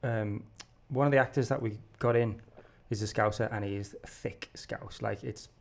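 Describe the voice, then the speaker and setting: Gravelly male podcast host. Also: lowish voice, moderate pace. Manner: animated, encouraging, many stammered restarts. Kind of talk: casual conversational interview.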